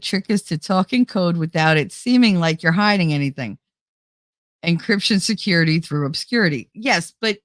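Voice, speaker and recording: Middle-aged woman chatting on her stream, animated, does her family's voices, laughs a lot, dry close sound. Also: fairly low pitch, no echo. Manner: animated, acts out relatives' voices, laughs often. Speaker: livestream host. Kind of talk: casual storytelling chat.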